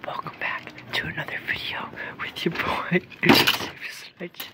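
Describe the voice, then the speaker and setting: A male channel host whispering his way through a casual vlog intro. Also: unhurried. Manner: hushed, breathy whispering.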